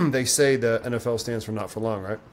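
A man's voice: medium pitch, fairly quick. Man joking with a guest, noisy line. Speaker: interviewer.

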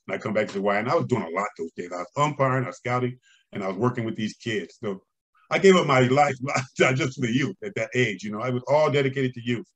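An older man with an average-pitched voice tells stories in a lively way. He chuckles as he goes and acts out the people he quotes. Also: fast talker, slightly rough. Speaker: interview guest, former umpire and scout. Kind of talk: conversational storytelling.

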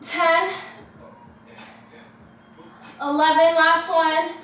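Young woman, high voice, unhurried, out of breath, counting reps, echoey room far from the camera, music behind. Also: flat delivery, a bit bright. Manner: counting reps aloud, swearing and groaning with effort. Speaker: fitness vlogger. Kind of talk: follow-along workout instruction. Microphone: camera at a distance.

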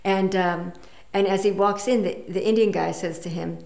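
A woman telling a personal story in an unhurried, reflective way, pausing with fillers and restarts. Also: mid-range voice, steady tone, creaky, a little mellow, echoey room. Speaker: meditation teacher.

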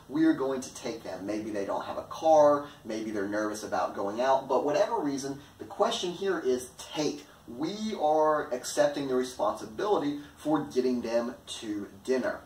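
A man giving an explanatory lesson as an online instructor, lively and playing with stress and pitch in his examples. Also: normal speed, few pauses, slight background noise. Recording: echoey room, mic at a distance.

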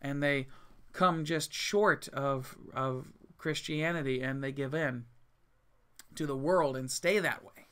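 A man's voice: mid-range voice, slow, a bit bright, clean tone. A male pastor reading Bible verses aloud and explaining them in plain words, earnest and emphatic, often restarting his sentences. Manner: reads scripture aloud, then explains it plainly with frequent restarts.

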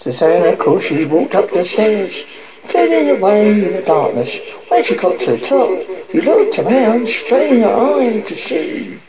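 A man's voice: sits high, very animated, unhurried. A man narrating a horror story in a dramatic, theatrical way. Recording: dull lo-fi with crowd noise.

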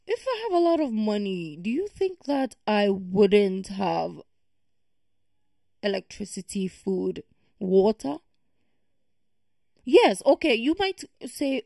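A woman's voice: medium pitch, lively intonation, slow pace, vocal fry, pauses often, darkish tone, no room sound, studio quality. A woman giving casual reaction commentary, ranting in an emphatic, exasperated way. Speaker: reaction video creator.

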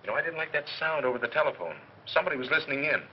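Cocky wisecracking 1930s hero. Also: male voice, on the high side, lively intonation, very fast, husky. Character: cocky wisecracking man, sweet on heroine. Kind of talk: 1930s film acting. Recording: dull 1930s film soundtrack with hiss.

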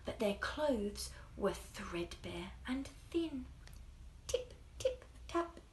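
Slow, lively woman reading a kids' story. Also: mid-range voice, a little hiss or hum. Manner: expressive, sing-song, with soft whispered passages.

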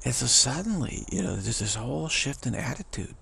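A man giving rambling spiritual commentary, chuckling and halting with many restarts. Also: mid-range voice, sing-song, gravelly, sharp tone, breathy edge.

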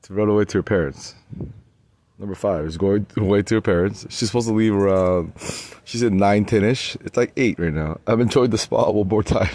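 A man's voice: on the low side, darkish tone, no echo. Rambling, profane man in his forties. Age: 40s. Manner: profane, laughs often, jumps between topics. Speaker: vlogger. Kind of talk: rambling monologue. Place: outdoor spa tub.

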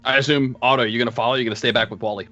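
A man's voice: medium pitch, fairly even intonation, racing, sharp tone, muffled recording, faint music behind. A man narrating as game master of a tabletop game in a casual, conversational way.

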